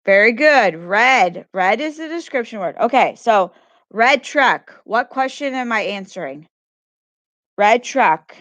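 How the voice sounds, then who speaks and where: A woman's voice: fairly high pitch, animated, slow, a bit bright, dry recording. A woman teacher giving a grammar lesson to children, patiently repeating questions and praising answers.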